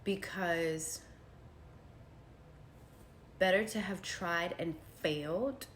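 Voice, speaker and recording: A woman telling a personal story to her viewers in a casual, animated way, calling them y'all and swinging from hushed retellings to excited outbursts. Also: lowish voice, drawn-out words, slight background noise. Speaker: vlogger.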